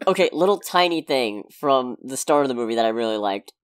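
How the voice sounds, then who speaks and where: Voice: medium pitch, expressive, brisk, clean tone. A co-host on a casual movie podcast who swears freely and drops dry asides. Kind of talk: casual movie review chat.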